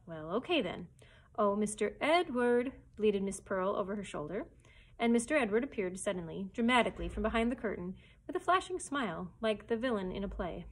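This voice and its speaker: Woman librarian, mid-pitched, expressive chapter-book read-aloud for kids. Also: fast, slightly rough, low-quality recording. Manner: steady expressive storytelling. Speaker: children's librarian.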